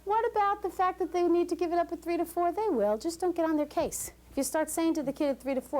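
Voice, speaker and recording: A woman giving a lively, joking lecture to new parents as a parenting class instructor. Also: extremely high pitch, fast, hardly any pauses.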